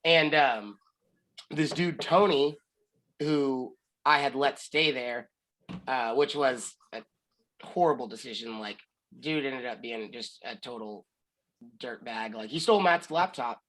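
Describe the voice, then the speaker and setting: A man's voice: mid-range voice, measured pace, fairly bright tone, rough recording. A man, rambling casually through a story, full of "like" and acted-out quotes. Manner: rambling, lots of "like", acts out quotes. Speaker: podcast co-host telling a story.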